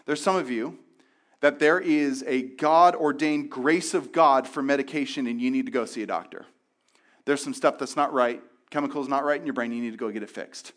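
A man's voice: medium pitch, moderate pace. A man who is a pastor, giving a sermon candidly, with frequent restarts and repeated words.

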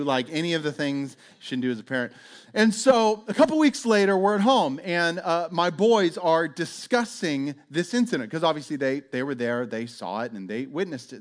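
A middle-aged male pastor telling a story in a sermon, chatty and conversational, acting out the voices of the people in it. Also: a little high. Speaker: pastor and police chaplain. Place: church.

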